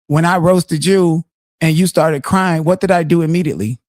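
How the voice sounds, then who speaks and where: A man's voice: fairly high pitch, steady tone, moderate pace, a little mellow, dry recording, clean studio sound. A man, a guest on a live online show, talking in blunt, profane casual chat with lots of restarts.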